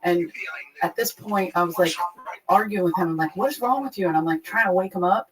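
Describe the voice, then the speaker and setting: A young adult woman frankly retelling a painful personal story, profane and animated. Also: lowish voice, brisk, a crowd in the background, rough recording. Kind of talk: candid conversational storytelling.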